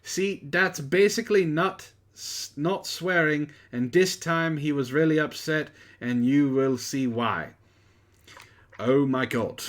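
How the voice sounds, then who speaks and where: A man's voice: on the high side, takes it slowly. Man doing a sarcastic comedic reading. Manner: sarcastic asides between read lines. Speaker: host reading aloud. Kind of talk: mocking comedic dramatic reading.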